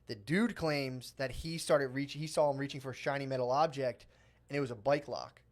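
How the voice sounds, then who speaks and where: A man co-hosting a casual podcast, telling a story quickly and acting out the quotes. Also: mid-range voice. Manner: fast, animated storytelling with mimicked quotes. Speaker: podcast co-host.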